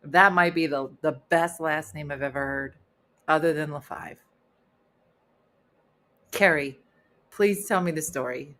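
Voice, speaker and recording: A middle-aged woman hosting a casual livestream chat, playful and teasing with deadpan asides. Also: sits low, measured pace, pauses often. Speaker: host.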